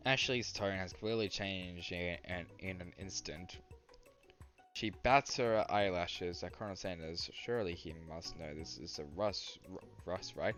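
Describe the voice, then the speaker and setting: A man's voice: low voice, measured pace, fairly bright tone, soft background music. A young man streamer reading a story game aloud with jokey, laughing asides.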